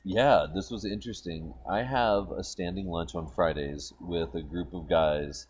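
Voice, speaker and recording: A man's voice: sits low, unhurried, slight background noise. A man hosting a casual podcast from a hotel lobby, telling stories with laughs and teasing. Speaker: podcast host. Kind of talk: casual chat.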